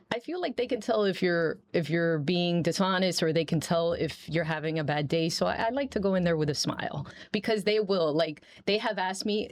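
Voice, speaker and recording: A woman guest speaking in an animated way about visiting children, voicing their lines brightly. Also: fairly low pitch, no echo. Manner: warm, animated, quotes kids in a raised voice. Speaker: community outreach guest. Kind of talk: interview talk.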